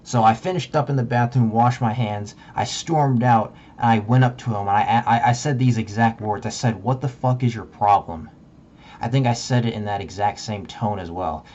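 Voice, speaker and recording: A young man tells a story in a loose, rambling way, peppered with swearing and filler "like"s. His voice sits on the low side. The recording is slightly dull and lo-fi, with a faint hiss behind it. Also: moderate pace, few pauses, a little mellow. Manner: rambling, profane, heavy use of "like". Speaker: vlogger. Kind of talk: casual storytelling. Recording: muffled lo-fi with faint background noise.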